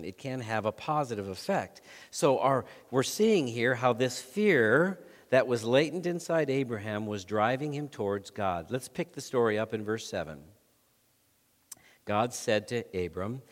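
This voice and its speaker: A man preaching a sermon as pastor, telling stories with swings from loud to hushed. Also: medium pitch. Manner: lively storytelling with swings between loud and hushed. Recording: long hall reverb.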